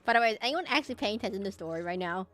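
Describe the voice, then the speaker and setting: A woman's voice: mid-range voice, lively intonation, very fast, fairly bright tone. A young woman streaming a game, rambling and laughing as she tells stories to her chat. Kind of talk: casual gameplay stream chat. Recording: game music behind.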